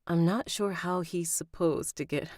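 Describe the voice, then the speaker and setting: A woman's voice: on the low side, a little mellow, no echo. A woman recording an audiobook on a live stream, rereading lines and stopping to comment and laugh at herself. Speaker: audiobook narrator.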